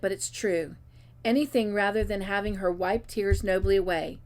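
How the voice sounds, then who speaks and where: Woman narrator, storybook reading, expressive and lively with dialogue. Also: medium pitch, moderate pace. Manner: expressive reading with character voices. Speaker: storybook reader. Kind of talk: reading a novel aloud.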